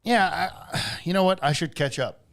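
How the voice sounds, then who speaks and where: A man's voice: on the high side, moderate pace, creaky, fairly bright tone. A man co-hosting a casual podcast, swearing often and calling his friend bro and dude. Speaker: podcast co-host. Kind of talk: casual sports and pop-culture chat.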